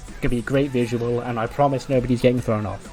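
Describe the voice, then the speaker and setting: A man's voice: medium pitch, fairly even intonation, fast talker, dark tone, faint music behind. A man casually narrating a wrestling management game as its regular host, chatty and often laughing. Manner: chatty, laughs often, retells scenes with quoted voices. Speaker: game commentator.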